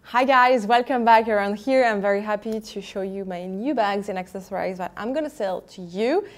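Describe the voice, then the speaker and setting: Young woman, French accent, casual upbeat seller to camera, mid pitch, some halting English. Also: soft background music. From France. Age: 20s. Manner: chatty and upbeat, with hesitant English phrasing and fillers. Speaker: vlogger selling luxury items. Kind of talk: casual product showcase to camera.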